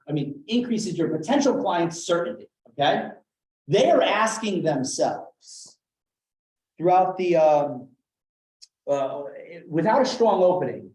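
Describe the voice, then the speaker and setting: Animated man coaching in an echoey room. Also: fairly high pitch. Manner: animated, demonstrates tones with acted quotes. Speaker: sales trainer for realtors. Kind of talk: live training session.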